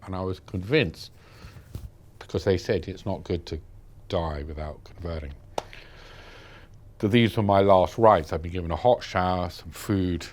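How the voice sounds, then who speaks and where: A British man with a fairly low voice tells his own story in an interview. He is a vivid storyteller who slips in and out of the voices of the people he describes. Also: unhurried. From Britain. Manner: vivid storyteller, acts out dialogue. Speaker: journalist recounting captivity. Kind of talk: first-person interview account.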